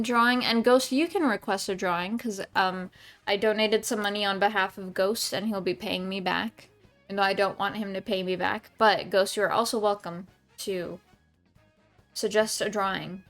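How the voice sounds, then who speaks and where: Woman, streamer, casual rambling chat, mid pitch, soft music underneath. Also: fairly even intonation, normal speed. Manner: chatty, rambling, many ums and restarts. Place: home room.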